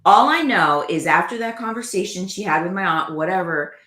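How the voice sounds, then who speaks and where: A woman with a notably low voice tells her story in an earnest, animated way, slipping into quoted dialogue as she goes. The sound is roomy and echoey around her. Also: fairly quick. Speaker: guest. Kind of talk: personal storytelling in conversation.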